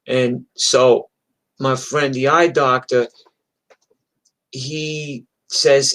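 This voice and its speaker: Profane, animated man telling street stories. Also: mid-range voice, extremely slow, pauses often. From New York. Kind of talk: casual storytelling. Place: streamed from home.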